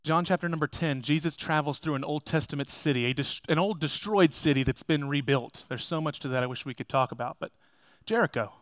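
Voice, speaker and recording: A man's voice: fairly high pitch, brisk, fairly bright tone, no room sound. A man preaching a sermon as pastor, emphatic and speaking straight to his congregation. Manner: emphatic, addresses the congregation directly.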